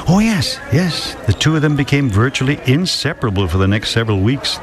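A man's voice: medium pitch, big pitch swings, a little fast, close to an everyday voice. A man as an older storyteller over music. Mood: fond. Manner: storytelling, fond, with soft laughs. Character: older man telling a fond memory. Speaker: narrator recounting the story. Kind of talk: radio drama narration.

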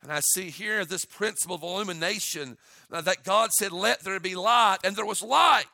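A man's voice: high-pitched, moderate pace, creaky, bright, forceful tone, no room sound, clean studio sound. A middle-aged man, a pastor giving a radio sermon in an earnest, folksy manner with frequent "uh" fillers.

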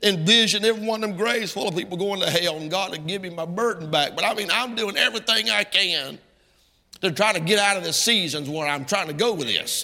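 A middle-aged man preaches in a folksy, plain-spoken style that swells into impassioned cries. His voice sits high and has a bright, gravelly edge. It rings through a hall with a long reverb. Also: fairly quick. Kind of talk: sermon.

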